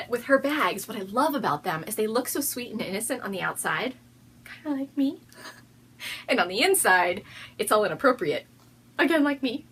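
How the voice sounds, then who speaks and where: A woman's voice: medium pitch, a bit bright, husky. A woman hosting a casual video podcast, chatting in a bubbly way and often breaking into laughter. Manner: giggly, bubbly, prone to fits of laughter. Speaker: podcast host.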